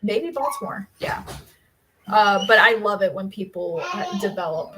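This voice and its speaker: Woman, co-host, casual live-stream chat, middle pitch, laughs often, faint room noise. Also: lively intonation, unhurried. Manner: chatty, laughs often, breaks off to scold her dogs.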